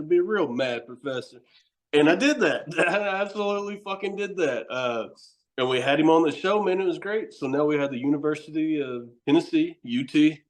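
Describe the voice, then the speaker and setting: A man, a horror host and wrestler, telling stories in a casual podcast chat, excitable and swearing freely, laughing often. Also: medium pitch.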